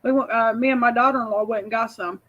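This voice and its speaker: An older woman chats on a relaxed morning livestream, rambling through everyday stories with plenty of fillers. Her voice sits notably high. The audio is slightly dull and lo-fi. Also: fast. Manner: rambling, chatty storytelling with fillers. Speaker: livestream host reading chat. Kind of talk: casual morning livestream chat.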